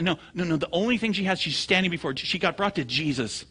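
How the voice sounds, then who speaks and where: A man preaching a sermon, telling stories with animated swings from low murmurs to loud high bursts. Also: fast, breathy edge. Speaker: pastor.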